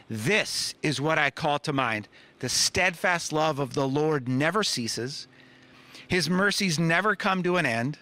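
Guy preaching a sermon, high bright voice, earnest, goes quiet on big words, dry close sound. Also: expressive, unhurried. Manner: earnest preaching, dropping soft on key words and rising on questions. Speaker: pastor.

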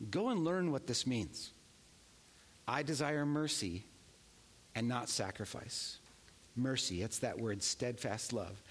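A man preaching a sermon, earnest and emphatic, swinging between hushed and raised passages. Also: mid-range voice, big-room sound. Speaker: pastor.

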